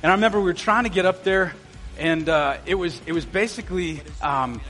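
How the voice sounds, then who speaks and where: A man's voice: sits high, a little fast, a bit bright, faint music behind. A man, a pastor preaching a sermon in a church, telling stories in a conversational way and talking straight to the congregation. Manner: storytelling, conversational with asides to the congregation. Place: church sanctuary.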